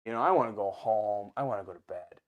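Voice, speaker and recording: A man's voice: fairly low pitch, fast, narrow, tinny audio. Man telling a story with an Ohio accent. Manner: animated, swears freely, restarts sentences. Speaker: restaurant owner and guest. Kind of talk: casual storytelling.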